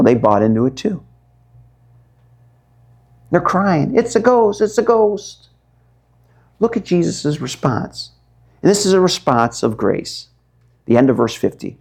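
A man preaching a sermon at a slow, deliberate pace. His voice sits a little high for a man, and he stretches out words for dramatic emphasis, swinging between hushed and loud. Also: creaky, slightly rough. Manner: dramatic, drawn-out emphasis with wide swings in pitch and loudness. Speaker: pastor.

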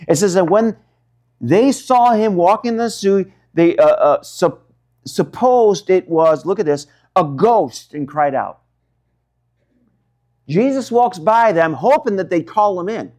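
A male pastor preaching a sermon, stretching out words for dramatic emphasis and swinging between quiet and loud. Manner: dramatic, drawn-out emphasis with wide swings in pitch and loudness.

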